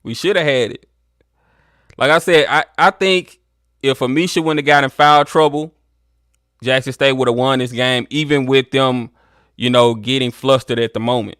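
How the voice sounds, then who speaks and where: Host stream sportowego, mężczyzna z akcentem z południa USA, luźny, gładki głos, suche nagranie. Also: male voice, mid-range voice, normal speed, smooth, dry recording, studio quality. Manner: relaxed, talks to viewers as y'all. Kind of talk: casual sports chat.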